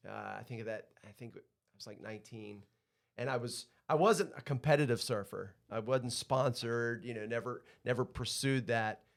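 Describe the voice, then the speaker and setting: A man's voice: medium pitch, normal speed. A man who runs a surf school, a podcast guest talking casually and reflectively, often restarting his sentences. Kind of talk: casual conversation.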